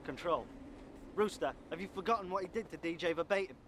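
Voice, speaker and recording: A man's voice: sits high, fast, fairly bright tone, slight background noise. An actor playing a sarcastic young man who mocks his friend. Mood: mocking. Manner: sarcastic, mocking. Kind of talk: film acting.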